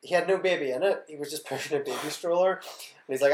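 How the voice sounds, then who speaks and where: A young man chats quickly on a podcast, his voice sitting a little high. He rambles and trails off mid-thought. The recording sounds roomy and echoey. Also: a little hiss or hum. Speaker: podcast host. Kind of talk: casual chat. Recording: echoey room.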